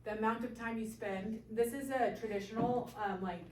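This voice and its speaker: A woman's voice: on the high side, steady tone, normal speed, darkish tone, slight background noise. A woman chiropractor explaining health topics to a small group, checking in with a frequent "okay?". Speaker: chiropractor giving a talk. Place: room with a small audience. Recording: echoey room, voice from far off.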